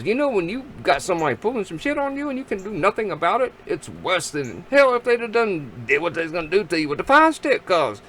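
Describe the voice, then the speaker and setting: Rambling man, lively pitch. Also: a little hiss or hum. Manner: folksy, rambling, animated, drawling. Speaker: vlogger. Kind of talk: rambling storytelling to camera. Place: outdoors at a home grill.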